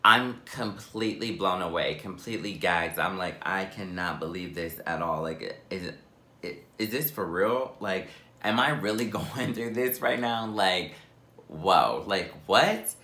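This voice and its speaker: A young man telling a personal story for his vlog, animated and dramatic, with lots of "like". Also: low voice, a little slow, roomy sound. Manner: animated, dramatic, heavy use of "like".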